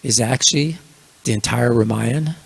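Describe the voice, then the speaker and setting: A man's voice: mid-range voice, moderate pace, gravelly, breathy edge, big-room sound. A man voicing a generous male deity in a casual storytelling tone during a class. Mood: explaining. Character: generous god, calm elder male deity.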